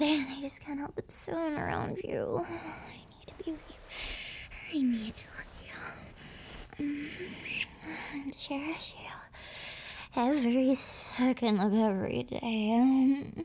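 A young woman whispers as a clingy, possessive, obsessive girlfriend, her high, slightly mellow voice moving slowly with long pauses and a doting mood. Breathy whispers give way to giggles, over a little background hiss or hum.

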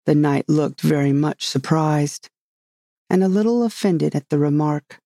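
An audiobook reader narrating a storybook calmly and evenly. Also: mid-range voice, a little slow, vocal fry, dry recording, studio quality. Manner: calm, even storytelling.

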